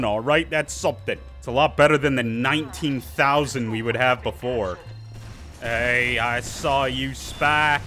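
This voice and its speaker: A young man talks over his own game footage in a casual, joking way, teasing opponents as he plays. His voice is bright and forceful, and it sits a little high for a man. Faint music plays in the background. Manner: playful, talks to enemy players, jokey asides. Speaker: gaming YouTuber. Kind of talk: casual gameplay commentary.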